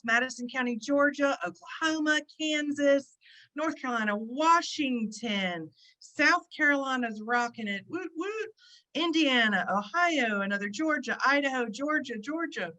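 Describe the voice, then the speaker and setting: Bright, excitable woman hosting a video call. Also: high voice, low-quality recording. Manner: chatty, excitable, lots of fillers. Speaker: host of an online gathering. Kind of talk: casual chat. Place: at the beach, indoors.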